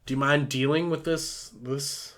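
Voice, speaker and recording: A man's voice: a little high, steady tone, measured pace, a bit bright. A man voicing a laid-back, foul-mouthed garbage truck driver in a near-normal voice, casual and rambling. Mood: easygoing.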